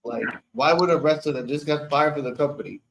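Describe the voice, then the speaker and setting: A man's voice: fairly high pitch, a little fast, a crowd in the background, poor audio. Loose-talking man hosting a chat. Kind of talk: casual chat.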